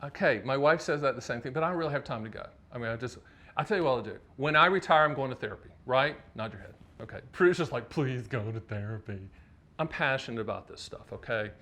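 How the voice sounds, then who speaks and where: A man from North Carolina hosting a finance show, talking to the camera in an animated, emphatic way with lots of rhetorical questions. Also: medium pitch, fast. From North Carolina, USA. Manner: animated, emphatic, rhetorical, addresses the viewer directly. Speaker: host of a finance channel.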